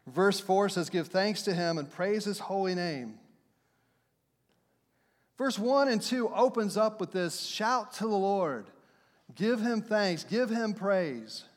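A man's voice: high voice, animated, unhurried, pauses often. A middle-aged man preaching a sermon as pastor, talking conversationally, slipping into playful acted voices and laughing along with his points. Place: church sanctuary. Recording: long hall reverb.

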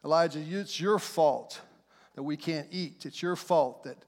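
A man's voice: fairly high pitch, a little slow, in a large hall. A man preaching voices a crowd of angry false prophets blaming a prophet for famine. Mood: accusing. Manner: accusing.

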